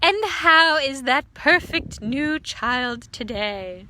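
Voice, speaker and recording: A woman voicing a proud, scornful neighbor creature lady who speaks loudly and emphatically in a storybook reading. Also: high-pitched, animated, slow, a little hiss or hum, voice pushed up, full character voice. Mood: haughty.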